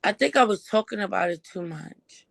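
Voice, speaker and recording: A woman calling into a sobriety call with a hoarse, strained voice, speaking frankly and earnestly. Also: mid-range voice, lively intonation, normal speed, a bit bright. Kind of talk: candid personal sharing.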